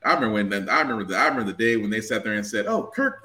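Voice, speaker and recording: A man's voice: fairly high pitch, sing-song, moderate pace, darkish tone. A man co-hosting a casual chat, emphatic and storytelling, swearing for effect. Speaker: podcast co-host.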